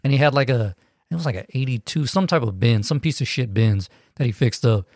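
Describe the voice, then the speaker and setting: A man's voice: mid-range voice, a little fast, a little mellow, no room sound. Profane rambling man, dry close mic. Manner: rambling, profane, many restarts. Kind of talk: casual storytelling chat.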